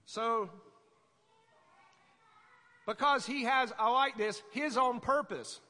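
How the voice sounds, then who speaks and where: High-voiced preacher in a reverberant hall. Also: male voice, slow pace. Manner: conversational, animated, acts out voices in stories. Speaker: pastor. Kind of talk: sermon.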